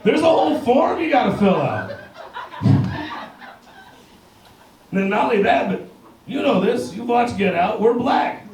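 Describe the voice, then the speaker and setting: A male comedian in his thirties doing a crude stand-up set on a bar stage in front of a live crowd, often shouting his punchlines. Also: extremely high pitch, sing-song, unhurried, pauses often, a little hiss or hum. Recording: distant mic with heavy bar room echo.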